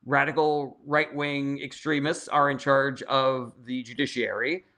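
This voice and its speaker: A man's voice: medium pitch, bright, forceful tone. A man hosting a casual livestream Q&A, answering viewer questions bluntly and swearing often. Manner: blunt, profane, reads viewer comments aloud. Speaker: political livestream host.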